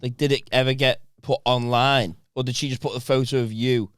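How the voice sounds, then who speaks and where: A man's voice: mid-range voice, steady tone, a bit bright, clean tone, no room sound, clean studio sound. Bantering man on a podcast. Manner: quick interjecting banter. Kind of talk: casual podcast chat.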